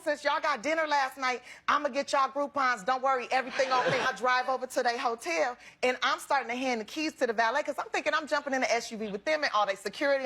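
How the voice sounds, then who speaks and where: A woman telling a comic story, acting out the other people in it. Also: sits high. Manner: animated, acts out other people's lines.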